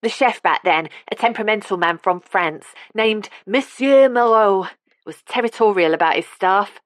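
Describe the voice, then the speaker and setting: A woman's voice: medium pitch, normal speed, no echo, pitched above the performer's own voice, close to an everyday voice. A woman voicing a practical, no-nonsense elderly woman who speaks with a Cockney accent. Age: older.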